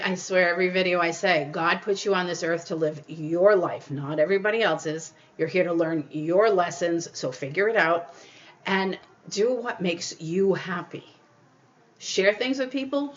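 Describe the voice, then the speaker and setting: A woman hosts her own podcast, offering earnest, casual life advice in a voice on the low side, with the highs cut off. She repeats her points and often acts out what other people have said.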